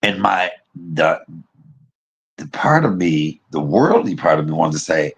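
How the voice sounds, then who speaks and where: A man casually telling a personal story to his viewers, animated, blunt and profane, laughing at himself as he goes. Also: extremely low pitch, measured pace, vocal fry, a little hiss or hum. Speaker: vlogger.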